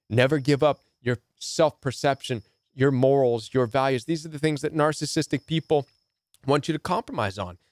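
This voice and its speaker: A man's voice: a little high, no echo, studio quality. A man speaking as a relationship coach in emphatic commentary to camera, often asking rhetorical questions. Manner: emphatic, repetitive, asks rhetorical "right?".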